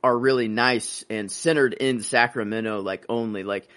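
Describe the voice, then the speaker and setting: Man, podcast co-host, casual movie chat, rambling, acts out lines, mid pitch. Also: fairly even intonation, normal speed, a bit bright. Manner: rambling, acts out scenes in character voices.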